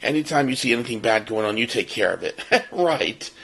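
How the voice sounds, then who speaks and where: Gravelly-voiced man in his fifties telling a story. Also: medium pitch, fairly quick, poor audio. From Baltimore, United States. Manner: lively storyteller who acts out the other people's lines. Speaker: podcast co-host. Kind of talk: personal storytelling on a podcast.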